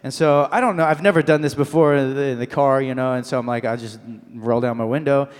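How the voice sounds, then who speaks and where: A man's voice: medium pitch, fast talker, smooth, in a large hall. A man telling a comic anecdote as a guest on a convention panel, acting out voices and laughing as he goes. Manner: animated storyteller, acts out voices, laughs mid-story. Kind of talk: comic anecdote to a live audience.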